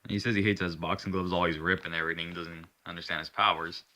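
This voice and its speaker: Bright-voiced deep man rambling a story. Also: flat delivery, fast talker. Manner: rambling, swears, restarts and self-corrections. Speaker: storyteller narrating his own hero story. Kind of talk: casual improvised narration.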